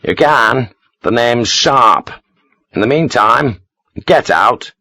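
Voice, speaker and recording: A man's voice: medium pitch, animated, slow pace, sharp tone, no echo, studio quality, pitched above the performer's own voice, full character voice. A man voicing a blunt, cocky soldier who gives curt commands.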